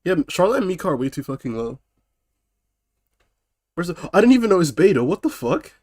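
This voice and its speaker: A fairly high-pitched man reacts on a live stream with loud disbelief, laughing and swearing as he mocks what he sees. His voice sits dry and close, with no room echo. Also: big pitch swings, a little fast. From United Kingdom. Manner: incredulous, swearing, laughing mockery.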